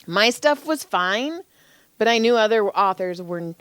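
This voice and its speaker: A woman's voice: mid-range voice, expressive, measured pace, a bit bright, clean tone, dry recording. A woman co-hosting a podcast, an indie author chatting in a frank, self-deprecating way with lots of laughs. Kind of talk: casual chat.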